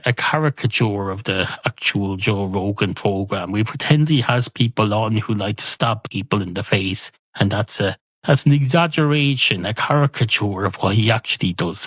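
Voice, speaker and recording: A man's voice: fairly low pitch, fairly bright tone, breathy edge, no echo. Irishman doing a rambling pub barman. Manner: rambling, pedantic, chatty.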